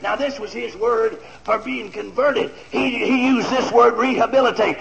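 High, gravelly preacher shouting. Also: male voice, moderate pace, hardly any pauses. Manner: shouting, exclaiming praise. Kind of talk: fiery revival sermon. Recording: dull lo-fi recording with crowd. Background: congregation.

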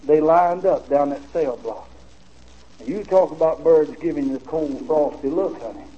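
A man preaching, telling a story in a folksy, animated way on a dull, old recording with faint hiss. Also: on the high side, normal speed. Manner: folksy, animated storytelling with laughter and drawled asides. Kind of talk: storytelling sermon.

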